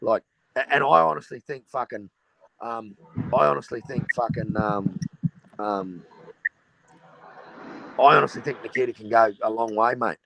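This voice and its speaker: Gravelly Australian bloke talking boxing. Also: male voice, medium pitch, moderate pace, long pauses, sharp tone, rough recording. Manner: blunt, sweary, mate-heavy banter. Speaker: stream host. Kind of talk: casual boxing chat.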